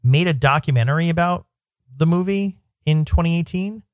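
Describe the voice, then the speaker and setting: A man's voice: a little high, normal speed, dry recording, studio quality. A man who is a parent, co-hosting a casual movie podcast and musing in a thoughtful, rambling way. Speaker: podcast co-host.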